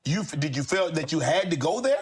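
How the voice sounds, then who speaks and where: A man's voice: fairly high pitch, big pitch swings, brisk, a loud crowd. A man interviewing a guest, pressing him with probing questions.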